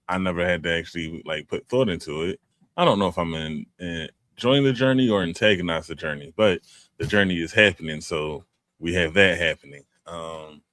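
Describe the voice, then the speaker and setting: A man's voice: deep voice, a bit bright, no echo, studio quality. A middle-aged man co-hosting a podcast, talking in a laid-back, rambling way with lots of restarts. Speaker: podcast co-host. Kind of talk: casual chat.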